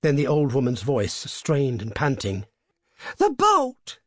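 A man narrates a story in a measured, hushed and tense reading. His voice is husky and mid-pitched. The sound is dry and close, with no room. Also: no echo. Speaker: reader. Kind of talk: scripted narration.

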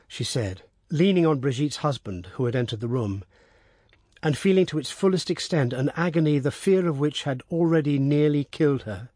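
A man narrating a classic story in a steady, even audiobook reading. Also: medium pitch, normal speed, breathy edge, dry recording, studio quality.

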